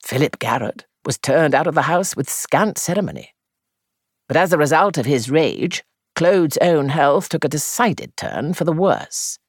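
A man's voice: fairly high pitch, expressive, no echo, studio quality. Composed male audiobook narrator. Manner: measured, composed first-person storytelling.

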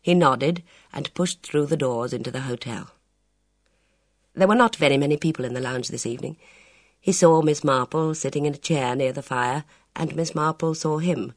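A man narrating a mystery audiobook in a measured, even reading. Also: fairly high pitch, no room sound, studio quality. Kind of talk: scripted narration.

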